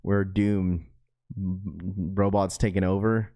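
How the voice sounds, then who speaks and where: With a low, warm voice that barely moves in pitch, this man takes his time as he hosts a livestream. He keeps things loose and joking, reading viewer comments out in slangy talk, saying bro a lot and laughing often.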